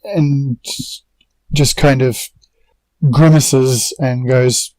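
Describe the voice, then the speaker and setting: A man playing a tabletop game, describing his character's actions in the third person in a measured, wry way. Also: mid-range voice, steady tone, darkish tone, dry recording, rough recording. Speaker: player.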